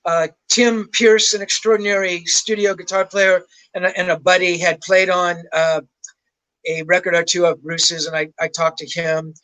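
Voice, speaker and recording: An older man with a high-pitched voice tells stories as a guest on a show. He rambles, swears casually and chuckles at his own tales. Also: flat delivery, normal speed, bright, forceful tone, rough recording. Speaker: rock journalist guest. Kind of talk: casual anecdotal storytelling.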